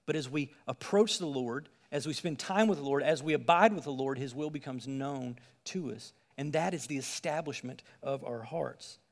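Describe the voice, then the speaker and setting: A man's voice: medium pitch, moderate pace, hardly any pauses, long reverb tail. A man preaching a sermon, reading scripture and explaining it in an earnest, emphatic way, asking the listeners direct questions.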